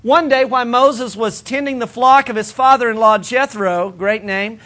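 A man's voice: very high voice, moderate pace, sharp tone. A male pastor preaching a sermon in a conversational, humorous way, building points through emphatic repetition.

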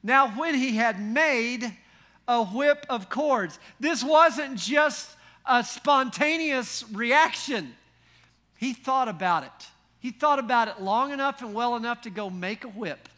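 A man preaching a sermon in a folksy, animated way, full of rhetorical questions and wry humor. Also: extremely high pitch, slow pace. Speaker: pastor.

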